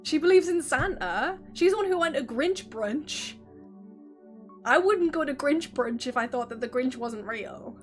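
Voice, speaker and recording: A woman's voice: high-pitched, expressive, a little slow, soft background music. A woman in her early twenties chatting casually on a live stream, telling stories with frequent laughs and swearing.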